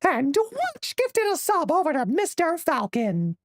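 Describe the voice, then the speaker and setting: A man streaming a card game while putting on a squeaky, high cartoon mouse voice and swearing in character. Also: wildly swooping pitch, unhurried, no echo, clean studio sound, exaggerated voice. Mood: squeaky playful. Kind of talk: live game stream chat.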